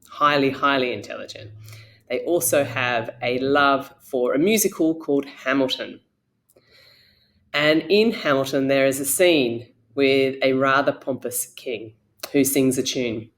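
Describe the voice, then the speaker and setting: A woman's voice: a bass voice, unhurried. A woman presenting an educational video for primary school children in a playful, chatty way.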